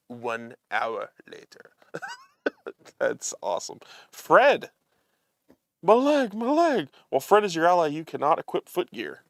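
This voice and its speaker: A man's voice: mid-range voice, fairly bright tone, dry recording, clean studio sound. A man hosting a live show, chatting casually as he unboxes a card game and reads the cards aloud, amused and chuckling often.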